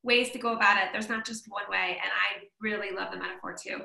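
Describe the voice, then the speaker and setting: A woman's voice: mid-range voice, fairly even intonation, quick pace, creaky, echoey room, a crowd in the background, poor audio. A woman hosting a live-streamed interview, enthusiastic and affirming toward her guest. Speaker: host.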